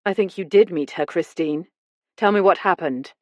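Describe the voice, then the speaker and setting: A woman voicing a male police detective who questions a suspect in a measured, insistent way. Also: lowish voice, no echo, dull audio, natural voice. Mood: firm.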